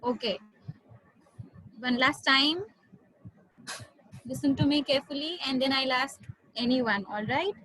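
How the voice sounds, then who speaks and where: Slow, bright-voiced woman teacher. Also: high voice, slightly rough, rough recording. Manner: patient, repeats drills, coaxing. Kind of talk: online class teaching.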